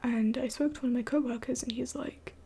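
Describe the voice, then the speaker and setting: A woman's voice: a little high, steady tone, fairly quick, dark tone, slight background noise. A young adult woman streaming live late at night, mostly whispering as she answers chat in a blunt, swearing way.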